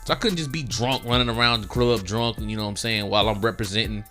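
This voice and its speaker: A man's voice: on the low side, quick pace, bright, forceful tone, faint music behind. A young man telling a slangy story casually and acting out quotes. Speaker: gaming storyteller. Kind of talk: casual storytelling over gameplay.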